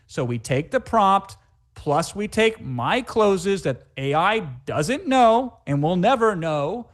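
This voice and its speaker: In a live webinar, a male sales trainer delivers a hype-driven, emphatic pitch, rattling off repetitive lists.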